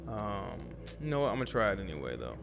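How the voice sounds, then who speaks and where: A gaming YouTuber and young dad plays a survival game, talking fast in a lowish, creaky voice that is very animated. Background noise is present, and he swears loosely while addressing himself and the in-game characters.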